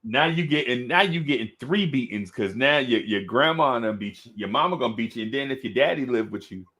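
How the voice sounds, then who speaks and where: A man co-hosting a podcast talks fairly quickly in a medium pitch, relating something from his childhood in casual conversation. Animated throughout, he laughs frequently and acts out the figures in the story.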